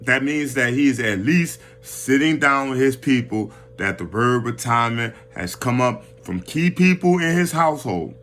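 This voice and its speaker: Slangy animated man ranting on boxing. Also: medium pitch, moderate pace, few pauses, slight background noise. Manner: animated, repetitive slang-heavy rant with many restarts. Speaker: boxing commentary vlogger. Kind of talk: casual boxing commentary rant.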